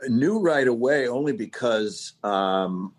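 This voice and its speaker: A man's voice: mid-range voice, animated, measured pace, slightly rough. A man chatting as a podcast guest over a phone video call, often chuckling as he talks. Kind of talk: casual podcast chat. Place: home without power.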